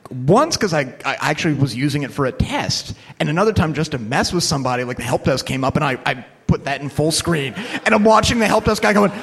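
A lawyer gives a conference talk on computer crime law, followed by audience Q&A, telling anecdotes casually and profanely with many fillers and acting out the voices he quotes. His voice is a little high, bright and slightly rough, and he speaks expressively at a quick pace with few pauses.

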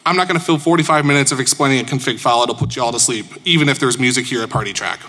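A man's voice: mid-range voice, rapid-fire, bright, forceful tone. A man from Chicago giving a casual, joking conference presentation to an audience, informal and self-deprecating. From Chicago, USA. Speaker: conference speaker. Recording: echoey conference hall.

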